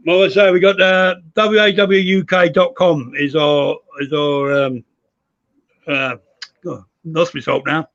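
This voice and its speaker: An English man being interviewed as a guest over a video call, good-humoured and gravelly, chuckling often. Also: fairly high pitch, flat delivery, a little slow, fairly bright tone, highs cut off. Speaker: interview guest, wrestler and promoter. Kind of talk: casual interview chat.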